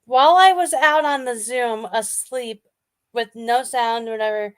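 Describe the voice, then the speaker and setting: A woman's voice: fairly high pitch, measured pace, clean tone, no room sound. A woman co-hosting a casual show, telling rambling stories and playfully defending herself. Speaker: co-host. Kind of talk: casual chat.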